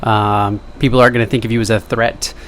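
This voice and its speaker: In a rambling to-camera monologue, a young vlogger cracks self-deprecating jokes and strays into side comments. His lowish, slightly bright voice is fast with a flat delivery, and there's slight background noise.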